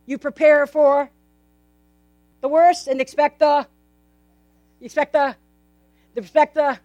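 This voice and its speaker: A woman's voice: sits high, little pitch movement, takes it slowly, pauses often, a little mellow, dry recording, muffled recording. A woman preaching a sermon in a casual, conversational way, often asking her congregation rhetorical questions. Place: in front of a gathered congregation.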